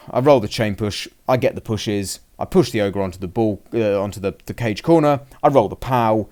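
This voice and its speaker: A podcast host chats casually through a turn-by-turn recap of a tabletop game, rambling, often starting over, and acting out both his own lines and his opponent's. His voice is lowish and darkish, animated and a little fast, with hardly any pauses.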